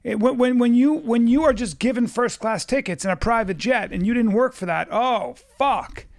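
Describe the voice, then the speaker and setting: A man's voice: very high-pitched, normal speed, vocal fry. A man hosting a podcast, talking in a casual, emphatic and profane way, often repeating words. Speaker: podcast host.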